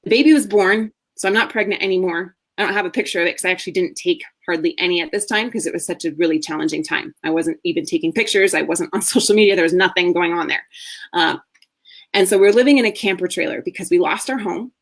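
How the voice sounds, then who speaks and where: A woman's voice: lowish voice, quick pace. Earnest woman coach telling her story. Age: 30s. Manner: earnest, candid, with soft laughs. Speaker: marriage coach. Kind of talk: personal storytelling in a masterclass.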